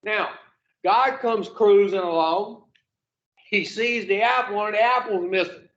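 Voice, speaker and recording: A man with a fairly high voice speaks slowly, leading a recovery group in a folksy, plain-spoken way with mild swearing. He keeps calling on his listeners as he teaches. The room is echoey and the sound is dull and lo-fi. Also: fairly bright tone. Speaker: addiction recovery group leader.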